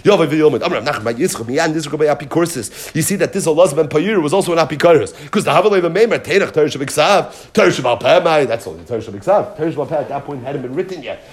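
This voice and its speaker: A man teaches a Talmud lesson, his voice riding up and down as he acts out and explains the story. He sits slightly high for a man and keeps the telling lively and vivid. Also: rapid-fire, few pauses. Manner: animated storytelling, explaining and dramatizing.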